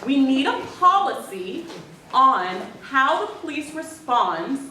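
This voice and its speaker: A woman's voice: sits high, big pitch swings, slow, sharp tone, a little hiss or hum. A woman, a resident speaking up at a public meeting, insistent and firm with a few apologetic asides. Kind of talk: public comment. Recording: echoey room full of people, distant mic.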